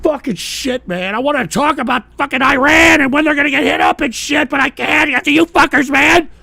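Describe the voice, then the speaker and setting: A man hosting a live-stream radio show, ranting angrily at his chat and cursing and yelling at his audience. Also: very high-pitched, a little fast, vocal fry, dry recording.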